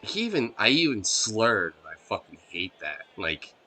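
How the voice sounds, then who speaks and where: A man's voice: on the low side, very animated, normal speed, sharp tone. A man streaming a video game live, ranting casually and swearing a lot in a scornful tone.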